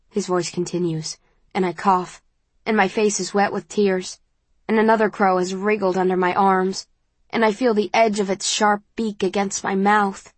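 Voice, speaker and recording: A woman reads a first-person story with tense, vivid narration. Her voice has a soft, breathy edge, and it sounds dry and close, with no room around it. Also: medium pitch, fairly even intonation, moderate pace, no room sound. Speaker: audiobook narrator.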